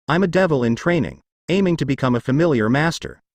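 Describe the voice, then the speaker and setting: A man's voice: on the high side, lively intonation, quick pace, no room sound. A man reading aloud as an eager young male devil who guides newcomers.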